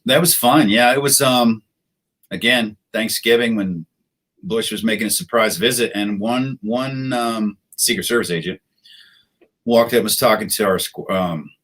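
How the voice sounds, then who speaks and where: A middle-aged American man tells stories as a podcast guest, unhurried and anecdotal. His voice sits fairly low. He acts out the people he quotes. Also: fairly bright tone. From United States. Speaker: podcast guest, retired special operations soldier. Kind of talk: casual storytelling interview.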